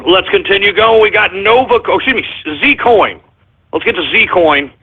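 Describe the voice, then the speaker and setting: A male talk radio host delivering an excitable, flustered monologue, often stumbling and apologizing. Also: sits high, normal speed, slightly rough. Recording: phone-like lo-fi radio sound.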